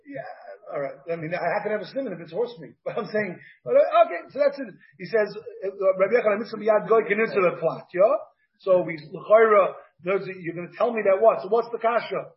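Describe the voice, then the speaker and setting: A man, a rabbi, teaching a Talmud class in an animated way, mixing English with Hebrew and Aramaic terms and checking in with "right?". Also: high voice, a little fast. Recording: dull, lo-fi class recording.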